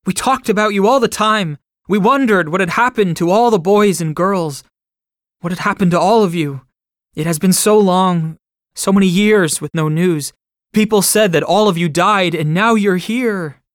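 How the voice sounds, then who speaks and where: A man reading a memoir aloud, voicing an excited farmer who speaks emphatically and repeats himself. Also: high-pitched, normal speed, no room sound, clean studio sound, voice pushed up, close to an everyday voice. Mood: overjoyed.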